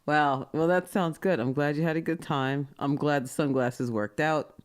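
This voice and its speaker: A woman's voice: low voice, fairly even intonation, normal speed. A middle-aged woman co-hosting a podcast, reacting and chatting casually with her daughter. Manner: reactive, amused, talks back and forth. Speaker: podcast co-host. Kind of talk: casual chat.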